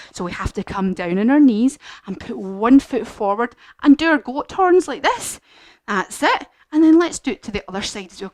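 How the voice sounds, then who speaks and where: A woman leading a children's yoga lesson as a story, animated and encouraging. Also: a little high, dry recording. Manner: animated, encouraging, sing-song. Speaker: kids yoga teacher.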